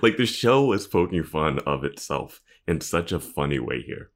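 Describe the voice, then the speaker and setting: A man's voice: rumbling low, sing-song, moderate pace. A man co-hosting a podcast, chatting casually with an amused tone. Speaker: podcast co-host. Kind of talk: casual chat.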